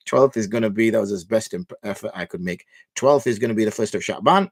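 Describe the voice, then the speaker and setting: A man's voice: on the low side, quick pace, few pauses, no room sound. Man, livestream host, casual rambling, lots of fillers, dry sound. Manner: loose, thinking aloud with many fillers. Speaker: mufti hosting Q&A.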